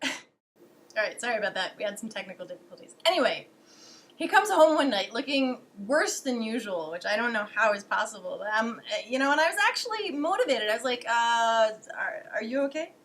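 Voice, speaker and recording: A woman's voice: on the high side, big pitch swings, brisk, fairly bright tone. A young adult woman vlogger telling stories in a casual way, sarcastic and profane, with lots of fillers. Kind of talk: casual storytelling.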